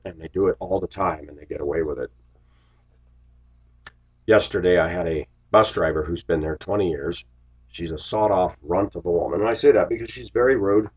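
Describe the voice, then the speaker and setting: Deep husky man, blunt storyteller. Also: dull audio. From Los Angeles, USA. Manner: blunt, opinionated, often clears his throat. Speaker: bus driver. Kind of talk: casual storytelling monologue.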